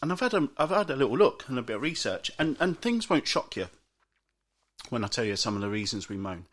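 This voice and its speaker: A man's voice: mid-range voice, big pitch swings, brisk. A British man hosting a solo podcast, chatting and ranting about everyday moans. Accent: British English. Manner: chatty ranting, mocks moaners in put-on voices. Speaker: podcast host.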